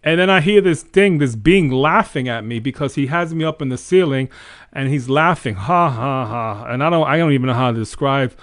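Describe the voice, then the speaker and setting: A man's voice: fairly high pitch, fairly quick, no echo, clean studio sound. A man hosting a faith show, telling a dream story in an earnest, casual way. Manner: earnest storytelling, animated retelling. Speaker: host. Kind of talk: casual testimony.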